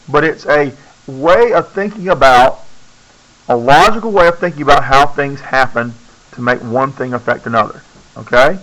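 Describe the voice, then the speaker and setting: A man's voice: mid-range voice, a bit bright, poor audio. A male science teacher lecturing a classroom, keeps checking in with "okay?" and coaxing students to speak up.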